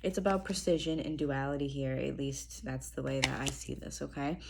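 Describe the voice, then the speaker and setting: A young woman giving a casual tarot reading to camera. Her throat is strained and she talks in a chatty, relaxed way, clearing her throat often. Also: a bass voice, moderate pace, background noise. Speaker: tarot reader. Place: apartment room indoors.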